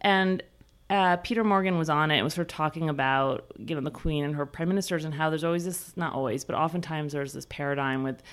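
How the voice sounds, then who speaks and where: A woman's voice: sits low, quick pace. A woman co-hosting a podcast in casual chat, talking in loose, restarting sentences full of "like". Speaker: podcast co-host.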